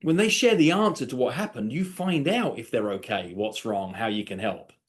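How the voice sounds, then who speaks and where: A man coaching real estate agents on an online call, lively, acting out sample conversations in quoted voices. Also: mid-range voice, moderate pace. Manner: animated, acts out sample dialogues. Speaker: sales coach. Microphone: video call.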